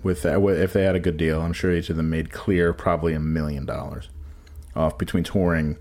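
A man's voice: sits low, level tone, brisk, a little mellow. A man co-hosting a podcast in casual banter, rambling and profane, often trailing off and restarting sentences. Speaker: podcast co-host.

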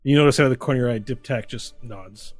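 A man's voice: medium pitch, fast talker, no echo. A man narrating a tabletop game as game master, descriptive with some fillers.

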